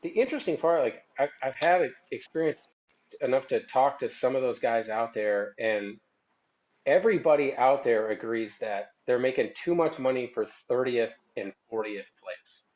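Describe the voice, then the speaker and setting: A man's voice: medium pitch, moderate pace, a little mellow, dull audio. A man speaking as a guest on a golf podcast, rambling and often trailing off and restarting. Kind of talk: casual chat.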